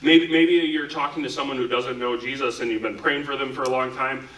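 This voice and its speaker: A male pastor delivering a relaxed, conversational sermon, peppering his talk with "like." His voice is bright and forceful, and it rings through a roomy church space, picked up from a little away from the mic. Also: mid-range voice, brisk, recorded from a distance. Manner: casual, talks with frequent "like" fillers. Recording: echoey room, speaker away from mic.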